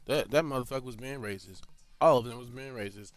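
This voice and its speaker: A man reacting to clips as a streamer, indignant and profane, cutting in with loud outbursts. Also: medium pitch, fast talker. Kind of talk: live reaction commentary.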